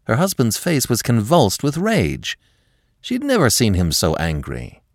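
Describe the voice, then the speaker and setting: A man narrating a classic story in a measured, expressive reading. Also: medium pitch, no echo, clean studio sound.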